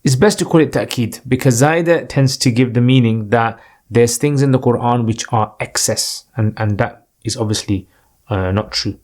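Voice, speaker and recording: A man's voice: mid-range voice, moderate pace, a little mellow. A man teaching Arabic grammar in a patient, explanatory way, often checking in with "right?" and reciting short phrases.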